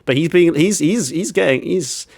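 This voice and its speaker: A man's voice: on the high side, expressive, normal speed, gravelly, darkish tone, dry recording, studio quality. A man on a podcast telling a story, acting out quotes as he goes. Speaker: podcast co-host. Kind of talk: casual chat.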